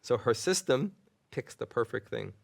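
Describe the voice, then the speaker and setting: Animated man telling a therapy story. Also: mid-range voice, moderate pace, creaky. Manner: animated, acts out dialogue and laughs often. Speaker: psychotherapist guest. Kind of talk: conversational storytelling.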